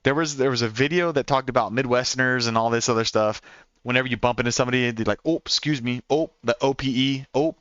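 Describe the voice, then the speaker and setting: A young man from Oklahoma with an Oklahoman accent, chatting quickly with his stream viewers, repeating words and laughing often. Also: medium pitch, steady tone, a bit bright, clean tone, dry recording, highs cut off. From Oklahoma, USA. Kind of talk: casual live-stream chat with viewers.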